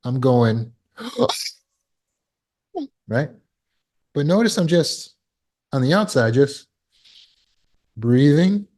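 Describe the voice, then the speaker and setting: A man of middle pitch teaches a trauma recovery class over a video call. He talks earnestly and acts out everyday scenes, sometimes jumping into alarmed outbursts before settling back into a steady teaching voice. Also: slow, long pauses. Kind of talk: teaching talk with acted examples.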